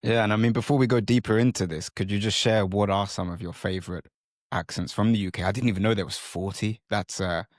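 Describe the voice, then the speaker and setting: A man's voice: on the low side, steady tone, quick pace, no echo, clean studio sound. A man hosting a podcast interview, asking curious, rambling questions. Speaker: podcast host. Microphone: studio podcast mic.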